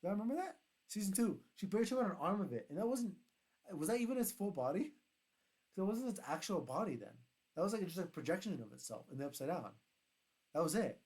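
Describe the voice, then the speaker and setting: A young man chatting casually on his own, rambling and excitable, often correcting himself as he goes. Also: sits high, fast talker. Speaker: YouTuber reviewing a TV show. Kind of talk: casual solo review chat.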